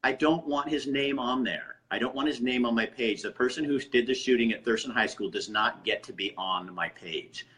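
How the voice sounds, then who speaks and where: A man's voice: medium pitch, moderate pace, hardly any pauses, fairly bright tone. A man hosting a live-streamed interview over a video call, bluntly telling commenters to stop arguing. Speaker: host of a live online interview.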